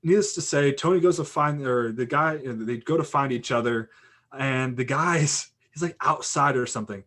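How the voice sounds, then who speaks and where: A man's voice: mid-range voice, normal speed. A young man talks on a podcast in a loose, chatty way. He tells a story with a lot of energy, filling it with "like" and restarting his sentences as he goes. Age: young adult. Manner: animated anecdote with lots of "like" and restarts. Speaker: podcast guest. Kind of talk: casual storytelling.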